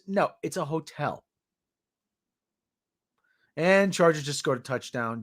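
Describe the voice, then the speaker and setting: A man's voice: a little high, lively intonation, slow, pauses often. A man hosting a podcast, giving sarcastic, ranting news commentary in a mocking tone. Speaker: podcast host.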